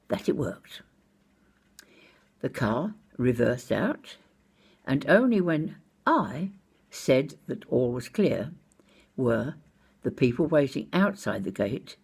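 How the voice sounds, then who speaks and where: A woman's voice: rumbling low, creaky, a little mellow, slightly rough. An older woman recounting a personal anecdote in a precise, wry, well-spoken way. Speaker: storyteller.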